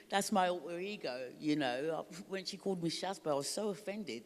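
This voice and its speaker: A woman's voice: fairly low pitch, animated, moderate pace. Middle-aged woman, candid emotional testimony, laughs a lot, long reverb hall sound. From Africa. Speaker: recovery ministry speaker. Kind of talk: personal testimony.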